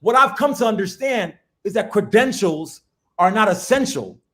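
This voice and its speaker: High-voiced animated New man. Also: moderate pace, a crowd in the background. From the Bronx, New York. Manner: animated and slangy, laughing as he talks. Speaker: guest, professor. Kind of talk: casual conversation.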